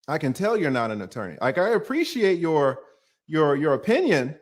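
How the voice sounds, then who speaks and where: A middle-aged man with a fairly high voice hosts a heated livestream as an attorney. He speaks bluntly and emphatically, swears freely, and pushes toward a shout when provoked. His delivery is forceful and never holds back. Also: sing-song, brisk.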